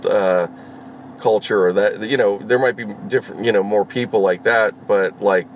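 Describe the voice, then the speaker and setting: A man's voice: fairly low pitch, fairly even intonation, normal speed, a little hiss or hum. A man rambling casually while vlogging from inside his car as a rideshare driver, full of fillers, restarts and swearing. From Los Angeles.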